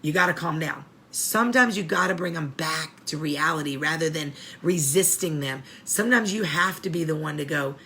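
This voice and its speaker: A woman's voice: deep voice, normal speed, gravelly, few pauses, sharp tone, slight background noise. A middle-aged woman hosting a support show for families of prisoners, talking earnestly and getting choked up as she repeats her points. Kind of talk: heartfelt advice talk.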